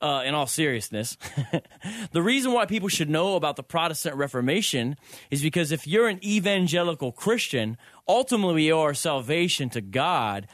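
A man co-hosting a radio talk show, speaking quickly and earnestly with a preacher-like cadence. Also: on the high side, big pitch swings, a bit bright, no echo, clean studio sound. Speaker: guest co-host.

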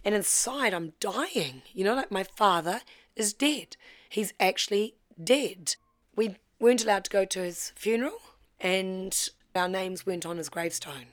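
A woman, telling her life story in a candid, heartfelt way with halting restarts. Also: mid-range voice. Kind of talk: personal storytelling.

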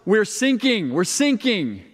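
A man's voice: sits high, very animated, takes it slowly, long reverb tail, pitched above the performer's own voice, heavily acted. A man doing a panicked British naval officer calling mayday. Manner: urgent, pleading radio call.

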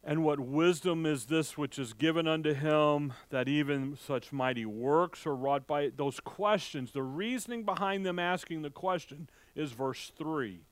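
Slow, dry-voiced man preaching verse by verse. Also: dry recording. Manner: conversational, acts out the townspeople's voices with rising pitch; halting restarts, reads King James verses slowly. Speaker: pastor. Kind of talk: sermon, verse-by-verse Bible teaching.

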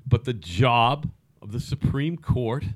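A man's voice: mid-range voice, expressive, takes it slowly, dry recording. A man co-hosting a podcast in casual political chat, emphatic, repeating his points and swearing often. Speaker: podcast co-host.

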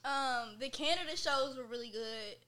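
A woman's voice: high-pitched, normal speed, a loud crowd. A young adult woman talking as a podcast guest in casual chat, loose and profane, leaning heavily on filler words.

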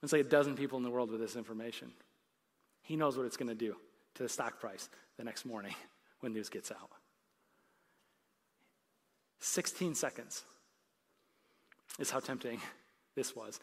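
On a church stage before a live audience, a male pastor with a mid-range, slightly rough voice delivers a conversational sermon. He laughs often and builds toward emphatic points.

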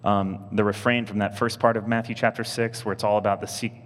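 A man, a priest, preaching a sermon in a casual, animated storytelling way, with his voice jumping up when he acts out other people. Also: lowish voice, a little fast, in a large hall. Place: church.

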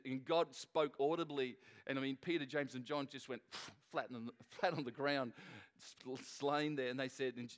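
A middle-aged man preaching a sermon at a church service in a loose, joking, conversational way, often restarting his sentences. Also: on the high side. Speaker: pastor.

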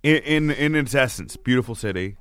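A man with a bright, forceful voice tells comedy stories in a loose podcast chat. He swears often and slips into other people's voices as he goes. The sound is dry and close. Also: mid-range voice, fairly quick, smooth, no echo. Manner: animated, swears a lot, acts out quotes. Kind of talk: casual podcast chat, storytelling.

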